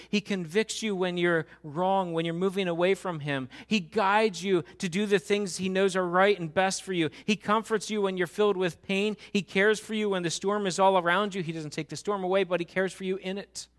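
A middle-aged man preaching a sermon as pastor, dropping to a hushed, slow voice and then building to loud, emphatic questions. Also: sits high, steady tone.

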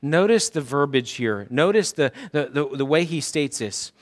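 A male pastor preaching a sermon in a church, dramatic, swinging from hushed talk to shouting. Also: mid-range voice, moderate pace, hardly any pauses.

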